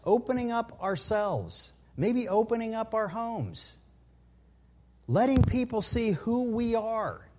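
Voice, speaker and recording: A middle-aged man preaching a sermon in an earnest, conversational way, with personal stories. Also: high voice. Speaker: pastor.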